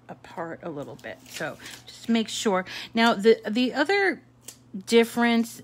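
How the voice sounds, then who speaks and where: A woman with a Boston accent talks unhurriedly through a hands-on craft tutorial. She rambles in a friendly, easygoing way, filling the gaps with "um" and correcting herself as she goes. Her pitch sits in an ordinary middle range. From Boston area. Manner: chatty, many fillers and self-corrections while working. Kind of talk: casual demonstration with rambling asides.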